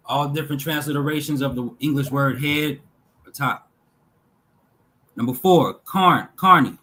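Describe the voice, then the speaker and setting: A man slowly reading lists of words aloud from a text, pausing between each item in a measured way. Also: fairly high pitch, sharp tone, rough recording. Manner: slow, measured reading with pauses between list items. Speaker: talk show host reading linguistic examples.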